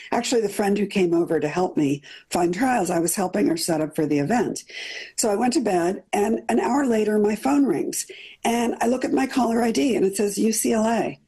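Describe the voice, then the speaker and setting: A middle-aged woman recounts her own experience in an earnest, detailed way, often doubling words for weight. Her voice is mellow and slightly husky. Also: medium pitch, rough recording. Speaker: cancer survivor interviewee. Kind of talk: personal storytelling in an interview.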